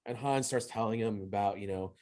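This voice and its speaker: A man's voice: on the low side, fairly quick, dark tone. A young man hosting a podcast, reviewing a movie in casual solo talk, rambling with many fillers and restarts and acting out quoted lines as he retells. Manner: acts out quoted dialogue in retelling. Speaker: podcast host.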